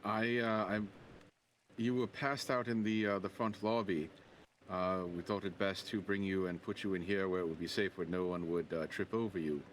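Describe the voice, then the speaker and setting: A man's voice: low voice, fairly even intonation, normal speed, a little hiss or hum. A man in a live role-play, speaking hesitantly and restarting his sentences. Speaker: fellow role-player.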